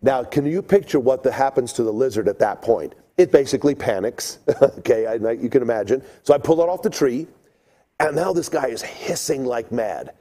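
A middle-aged man telling a childhood story to an audience, lively and acting out voices and sounds. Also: mid-range voice, normal speed. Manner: animated, acts out voices and sounds.

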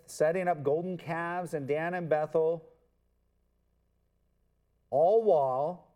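Slow, mellow-voiced male preacher. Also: fairly high pitch. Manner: earnest, emphatic, repeats words for stress. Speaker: pastor. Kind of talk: expository sermon.

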